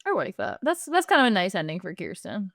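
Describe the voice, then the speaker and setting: A woman's voice: medium pitch, wildly swooping pitch, fairly bright tone, no room sound, studio quality. A woman co-hosting a podcast in casual chat, teasing her co-host and asking questions. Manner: teasing, quick to laugh, asks questions.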